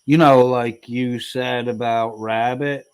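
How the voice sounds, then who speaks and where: A man's voice: mid-range voice, fairly even intonation, slow, clear, resonant tone. A man commentating heatedly over replayed clips, mocking and taunting in a profane way. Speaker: streamer reacting to clips.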